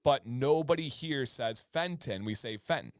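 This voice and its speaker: A man's voice: medium pitch, normal speed, no echo, clean studio sound. A man co-hosting a casual livestream chat, chatty and acting out pronunciations as he explains. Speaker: co-host.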